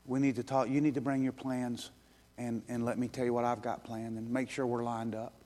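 A man preaching a sermon as pastor, earnest and direct, building to urgent appeals and then softening into a gentle invitation. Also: mid-range voice, flat delivery, fairly quick, long reverb tail. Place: church sanctuary.

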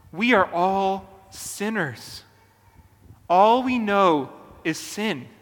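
A man preaching a sermon as a pastor, earnest and deliberate, with emphatic pauses. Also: sits high, fairly bright tone, big-room sound.

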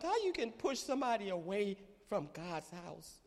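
A middle-aged woman, preaching an animated call-and-response sermon in a church. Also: medium pitch, normal speed, long reverb tail.

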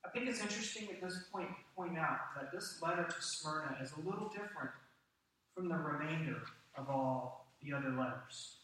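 A man preaching a sermon to his congregation with animated delivery and questions to the room. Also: a little high, moderate pace, recorded from a distance, slight background noise. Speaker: pastor. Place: church sanctuary. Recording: echoey church hall from off-mic.

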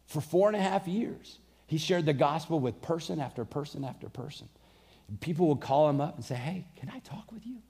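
A man's voice: on the high side, fairly quick, creaky, mellow. Earnest conversational male preacher. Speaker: pastor. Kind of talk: sermon.

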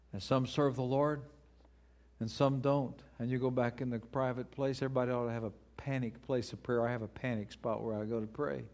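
A middle-aged man preaching a sermon as a pastor, earnest, moving between loud pleading questions and quiet, hushed prayer. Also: mid-range voice. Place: church.

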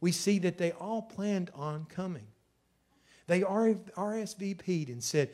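A male pastor preaching a sermon with passion, dropping low and then rising loud. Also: unhurried. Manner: impassioned, swings from soft to loud.

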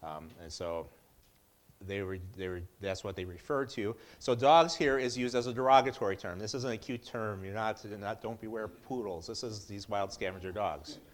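A man's voice: on the low side, moderate pace. A middle-aged man giving a casual Bible teaching in a conversational way, with joking asides and frequent restarts.

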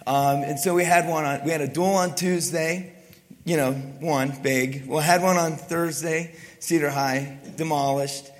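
A middle-aged man preaching a sermon as pastor, hoarse and raspy-voiced, chatty and self-deprecating. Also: a little high, steady tone, a little slow. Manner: chatty and self-deprecating, then hushed in prayer. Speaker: wrestling coach. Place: church sanctuary. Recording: long hall reverb.

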